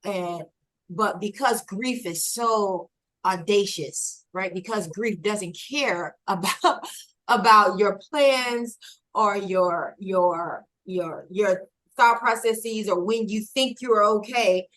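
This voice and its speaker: Woman guest, reflective and halting, emotional as she talks. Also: medium pitch, fairly bright tone, poor audio. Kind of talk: emotional conversational sharing.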